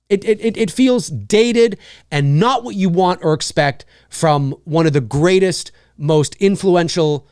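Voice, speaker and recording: A man hosting his own live show, giving his opinion in an animated, loose way, restarting sentences and repeating phrases for emphasis. His voice sits high and swings widely in pitch. The sound is dry, with no room in it. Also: no room sound. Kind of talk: casual opinion talk.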